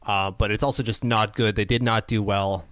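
A man co-hosting a casual hockey podcast, chatty and quick to laugh, often correcting himself mid-sentence. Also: lowish voice, steady tone, fairly bright tone, clean tone, no room sound. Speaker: podcast co-host.

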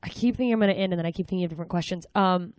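Chatty woman podcast host, low voice. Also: dry recording. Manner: chatty, quick follow-up questions. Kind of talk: casual interview chat.

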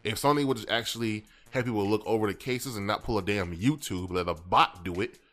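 A man's voice: on the low side, fairly quick, fairly bright tone. A man co-hosting a casual podcast, talking in a loose, rambling, slangy way. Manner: loose, rambling, slangy, reads chat aloud. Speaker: podcast co-host. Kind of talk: casual chat.

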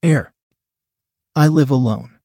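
A man's voice: medium pitch, slow pace, gravelly, dark tone, no room sound, studio quality. A man voicing a flustered young man. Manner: hesitant, stumbling with fillers. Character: nervous young man caught off guard.

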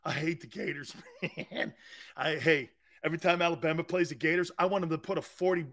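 A man's voice: a little high, steady tone, brisk, a bit bright. A man hosting a sports talk show, brash and boisterous, laughing often as he riffs.

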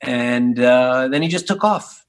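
A man's voice: mid-range voice, lively intonation, slow. A man in his forties from Philadelphia, telling stories casually and animatedly in an interview, with lots of restarts and the odd swear word. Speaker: podcast guest, spirits entrepreneur.

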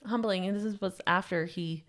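A woman in her thirties, co-hosting a podcast and chatting casually about books, bubbly and quick to laugh. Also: mid-range voice. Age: 30s. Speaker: podcast co-host. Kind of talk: casual book chat.

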